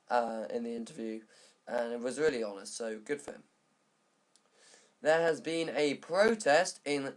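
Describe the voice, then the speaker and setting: A young man casually recapping the week's football news in a vlog. He rambles and jokes, often correcting himself mid-sentence. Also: mid-range voice. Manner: rambling, jokey, self-correcting.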